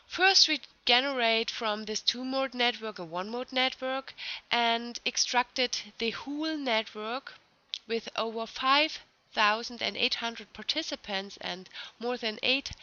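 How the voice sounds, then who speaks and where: A young woman giving a conference talk as a researcher, explaining her findings carefully and methodically with phrasing and pauses. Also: a little high, bright, forceful tone. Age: young adult. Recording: dull lo-fi recording.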